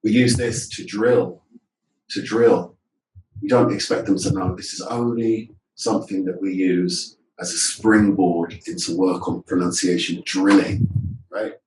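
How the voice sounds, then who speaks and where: A man's voice: sits low, steady tone, unhurried, background noise. A male teacher trainer giving a webinar presentation on a video call. He explains points and drills words aloud, often asking rhetorical questions. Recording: echoey room audio from a distance.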